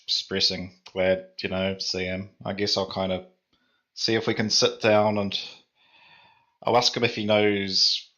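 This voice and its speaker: A man playing a tabletop game talks slowly and hesitantly. His voice sits low but sounds bright, padded with fillers. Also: monotone, low-quality recording. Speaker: player. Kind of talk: casual game chat.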